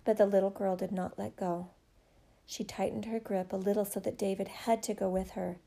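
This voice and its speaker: Woman reading a novel aloud, steady and measured, with a dark, gravelly tone. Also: mid-range voice. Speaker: narrator.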